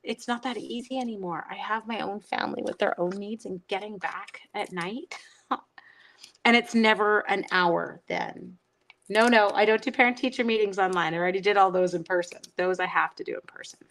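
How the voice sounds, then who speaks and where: A woman's voice: mid-range voice, normal speed, a bit bright, rough recording. A middle-aged woman hosting a casual crafting livestream, chatting and teasing herself while answering viewer comments.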